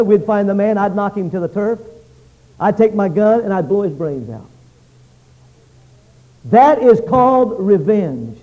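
A man preaching a revival sermon in a church, praying and telling stories dramatically, swinging between loud and hushed. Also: sits high, animated, a little slow, long pauses. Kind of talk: revival sermon with prayer and storytelling. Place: church meeting hall. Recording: dull lo-fi sermon recording.

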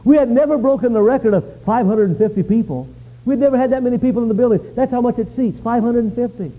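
A male pastor preaching a sermon, telling stories with lively swings from quiet to shouting. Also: extremely high pitch, quick pace. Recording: dull lo-fi sound.

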